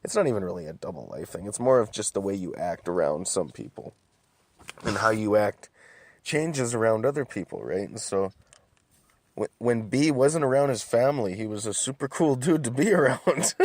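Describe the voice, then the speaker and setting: A young man telling stories in a calm, laid-back way, full of swearing and restarts. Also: lowish voice, moderate pace, no echo. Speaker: podcast host. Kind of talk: casual monologue.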